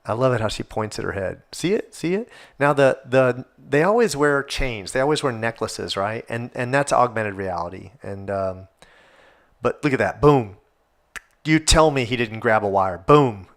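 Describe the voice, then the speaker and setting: A man's voice: mid-range voice, normal speed. A man hosting a casual solo podcast, rambling and swearing as he gets worked up. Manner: rambling, profane, animated. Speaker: podcast host.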